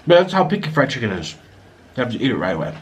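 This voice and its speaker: A man's voice: medium pitch, sing-song, racing. A man hosting an eating vlog, chatting casually and apologetically between bites, sometimes talking with food in his mouth. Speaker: mukbang vlogger. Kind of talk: casual talk while eating on camera.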